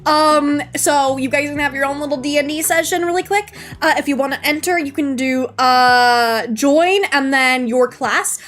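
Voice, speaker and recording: A woman's voice: high voice, fairly bright tone. A young woman streaming live, chatting to her viewers in a rambling, emotional way, tired and close to tears, with nervous laughs. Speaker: VTuber streamer. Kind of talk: casual live-stream chat. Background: faint background music.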